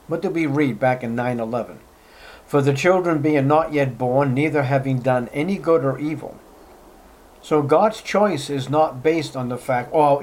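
A male preacher delivering an expository sermon, emphatic, addressing listeners as beloved and often clearing his throat. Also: mid-range voice, a little mellow. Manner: emphatic, rising sharply on rhetorical questions.

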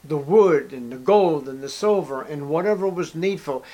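A man preaches in a somewhat high voice. He slips into short bits of dialogue between characters and leans on repeated phrases for emphasis. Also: normal speed, mellow. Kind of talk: sermon.

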